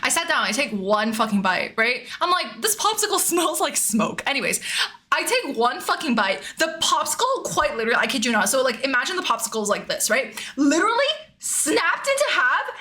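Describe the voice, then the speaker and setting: A woman's voice: sits high, brisk. A young woman streamer in her twenties telling a story in casual chat. She swears freely, laughs often and acts out her own lines. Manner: animated, swears freely, laughs often, voices herself in quotes.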